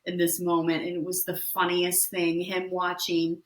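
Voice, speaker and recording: A woman's voice: on the low side, completely flat delivery, moderate pace. A woman co-hosting a podcast, chatting casually with rambling enthusiasm. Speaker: podcast co-host. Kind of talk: casual chat recapping reality TV. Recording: echoey room.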